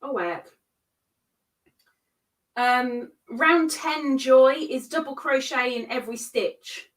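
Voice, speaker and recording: A high-voiced woman talks unhurriedly to her live viewers while she crochets. She giggles at her own slips, counts stitches out loud and pokes fun at herself. Her voice sits a little back from the microphone. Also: slow, far from the mic. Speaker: crochet livestream host. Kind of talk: casual live-stream chat while crocheting.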